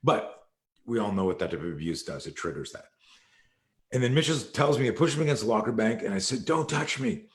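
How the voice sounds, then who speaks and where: A man's voice: on the low side, lively intonation, a little fast. A man, a martial arts instructor, telling a long story in an interview and acting out quoted dialogue. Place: live video call.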